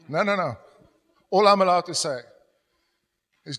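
A middle-aged man preaching a sermon as pastor, telling stories and dropping to a soft, confessional tone when he quotes himself. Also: on the high side, animated, moderate pace, pauses often. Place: church hall. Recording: long church hall reverb.

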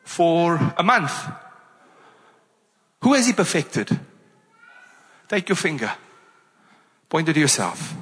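A man with a South African accent delivers an energetic sermon, firing rhetorical questions at his congregation. His voice sits high and bright, and he speaks at an unhurried pace. A long church-hall reverb trails after each phrase. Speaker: pastor.

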